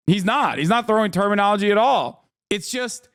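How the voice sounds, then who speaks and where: A man in his thirties streaming a reaction, talking casually and excitedly with laughs and quick bursts of exclamation. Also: very high voice, clear, resonant tone, no echo, clean studio sound. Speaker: streamer reacting to a debate video.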